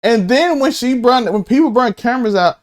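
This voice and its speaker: A man co-hosting a casual podcast chat, excitable, laughing often and swinging from high to low. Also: a little fast. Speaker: podcast co-host.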